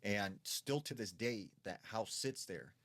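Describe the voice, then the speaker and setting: A man's voice: lowish voice, unhurried, a bit bright. A man telling a ghost story in a casual, conversational way, full of fillers.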